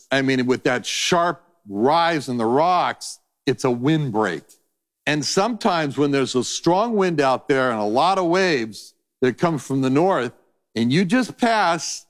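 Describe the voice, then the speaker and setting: A middle-aged man, a Bible teacher, preaching a sermon in an animated, rambling storytelling manner. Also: mid-range voice.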